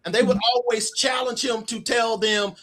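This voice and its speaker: Animated middle-aged male storyteller. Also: very high voice, normal speed. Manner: animated storyteller acting out quoted dialogue. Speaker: author guest. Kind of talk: casual storytelling interview.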